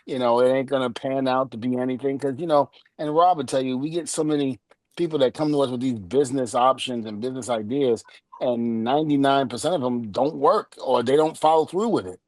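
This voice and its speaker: A middle-aged podcast guest tells a story in casual conversation, animatedly acting out every quoted line and laughing. His voice is mid-range and brisk, with no room sound.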